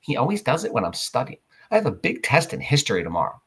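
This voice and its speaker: A man's voice: mid-range voice, huge pitch swings, fast talker, fairly bright tone, breathy edge, full character voice. A man reading the part of a studious thirteen-year-old girl who complains mildly. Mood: complaining.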